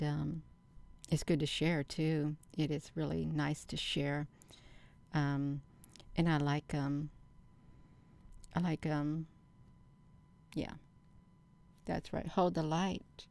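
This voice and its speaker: A middle-aged woman hosting her own channel, talking slowly and earnestly to her viewers in a rambling casual monologue. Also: sits low, gravelly, a little mellow. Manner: slow, earnest, addresses viewers as "you all". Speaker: channel host.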